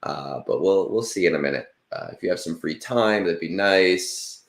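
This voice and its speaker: A man in his late thirties, low-pitched, hosts a loose livestream chat. He rambles cheerfully with many fillers, and his voice bounces around a roomy, echoey space. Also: moderate pace. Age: 30s. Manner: rambling, chatty, self-deprecating, with frequent fillers. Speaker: stream host.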